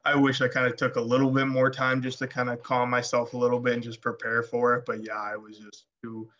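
Excitable man telling a hunting story. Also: mid-range voice, a little fast. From Alberta, Canada. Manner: excitable, rambling with restarts. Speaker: podcast guest, taxidermist. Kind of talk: casual storytelling. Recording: dull lo-fi podcast audio.

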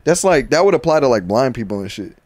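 A man's voice: mid-range voice, fast, no room sound. A man co-hosting a podcast, talking in loose, profane, joking banter. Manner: loud, joking, profane, animated. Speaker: podcast co-host.

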